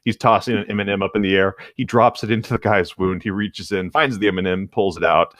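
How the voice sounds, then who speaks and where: A man's voice: on the low side, fast, no room sound, clean studio sound. A young man co-hosting a podcast, rambling casually with lots of fillers. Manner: rambling, lots of likes and uhs, animated. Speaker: podcast co-host. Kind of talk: casual comedic chat.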